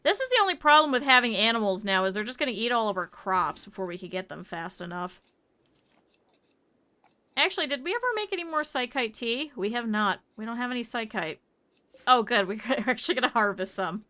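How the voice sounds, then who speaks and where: A woman's voice: on the high side, very animated, a little fast, bright, forceful tone. A woman streamer giving live gameplay commentary, chatty, laughing often and talking to her game characters and chat.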